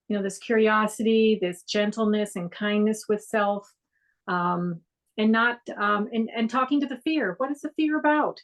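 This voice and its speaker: Soft-spoken lady teaching meditation online, lots of ums, easygoing. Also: medium pitch, fairly even intonation, moderate pace, rough recording. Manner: gentle, meandering, with frequent fillers. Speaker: meditation instructor. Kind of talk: guided meditation class.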